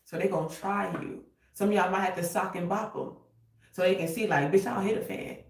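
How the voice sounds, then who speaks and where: A woman's voice: lowish voice, distant mic. A woman reads tarot for her viewers in loose, unscripted talk. She gets emotional, curses freely, and drifts into snatches of song. Her voice sits a little back from the mic in an echoey room. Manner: emotional, cursing, breaks into singing. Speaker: tarot reader. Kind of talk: casual tarot reading livestream. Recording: roomy echo, voice a bit off-mic.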